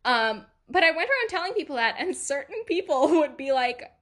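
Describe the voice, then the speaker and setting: A woman's voice: sits high, very animated, brisk, a bit bright. A young woman hosting a podcast, telling stories in a rambling, confessional way and laughing often. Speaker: podcast host. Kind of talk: casual confessional chat.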